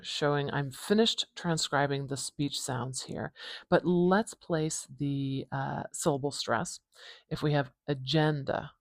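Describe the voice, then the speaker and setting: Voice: medium pitch, no echo. Dry-voiced phonetics teacher thinking aloud. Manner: muses aloud, self-correcting, playful asides. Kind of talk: transcription tutorial, thinking aloud.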